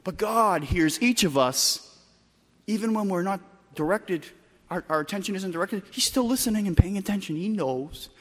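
A man preaching a sermon with emphatic delivery, moving between loud bursts and quiet, soft passages. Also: high-pitched, lively intonation, moderate pace, long reverb tail. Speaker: pastor.

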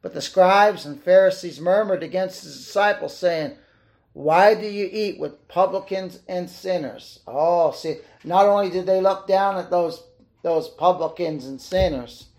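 A man's voice: fairly high pitch, darkish tone. A man preaching a sermon with fervor, reading old-fashioned scripture aloud and putting questions to the listeners. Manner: fervent, exclaiming and asking the listeners questions.

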